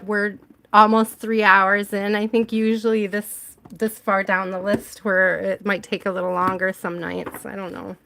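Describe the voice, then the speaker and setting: A woman's voice: mid-range voice, level tone, a little slow, vocal fry, fairly bright tone, slight background noise. An American woman hosting a tarot livestream, chatting with viewers and reading out their names. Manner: chatty, reads out viewer names, laughs often. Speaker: tarot reader and livestream host. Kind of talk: casual livestream chat with viewers.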